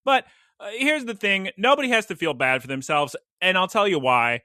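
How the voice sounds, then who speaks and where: A man hosting a casual podcast, telling stories in an animated, jokey way with playful asides. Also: sits high, normal speed, no room sound, studio quality. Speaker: podcast host.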